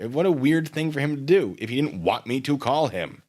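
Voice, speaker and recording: A man hosting a livestream, commenting on messages in a mocking, sarcastic way. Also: fairly quick. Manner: lively, swinging pitch. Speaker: livestream host.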